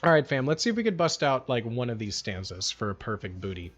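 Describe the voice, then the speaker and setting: A man's voice: mid-range voice, sing-song, fast. A man chatting casually on a livestream, rambling and slangy and full of "like" and "bro.". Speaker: livestream streamer. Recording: dull lo-fi sound with faint music.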